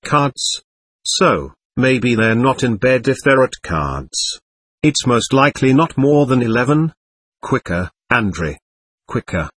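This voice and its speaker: Male narrator as a feverish young gentleman, frantic, husky, swinging pitch. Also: big pitch swings, slow, dry recording, studio quality, heavily acted. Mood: urgent. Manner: urgent, frantic. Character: feverish, agitated young nobleman. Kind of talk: audiobook character voice.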